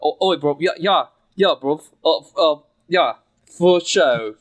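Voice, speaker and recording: A man's voice: on the high side, takes it slowly. A man playing a dazed, glitching young man who stammers and piles on slang. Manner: stammering, slangy, repeating himself.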